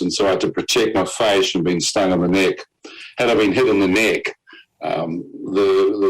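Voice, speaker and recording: A man's voice: sits low, rough recording. A man telling his own story as a testimony. He acts out the voices of the people he quotes and laughs between lines.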